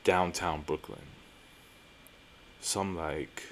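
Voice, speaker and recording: A young man hosting a podcast, telling a story in a casual, animated, profane and self-mocking way, with emphatic repetitions. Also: lowish voice, moderate pace, slight background noise. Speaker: podcast host.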